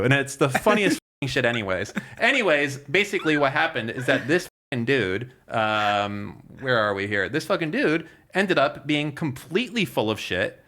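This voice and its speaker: A man's voice: medium pitch, sing-song, normal speed, few pauses, pushed and bright. Man, podcast co-host, casual chat, rambling storyteller, lots of ums, swears freely. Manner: rambling storyteller, many fillers and profanity.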